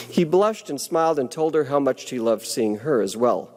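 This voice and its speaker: A man's voice: mid-range voice, lively intonation, moderate pace, hardly any pauses, a little mellow. A man giving a prepared ceremonial speech, telling stories in an earnest, reflective way. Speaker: ceremony speaker. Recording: long hall reverb.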